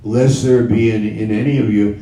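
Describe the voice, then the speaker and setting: A man preaching a sermon, slow and emphatic, repeating his key phrases. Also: on the low side, fairly even intonation, warm tone, distant mic. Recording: roomy sound from off-mic.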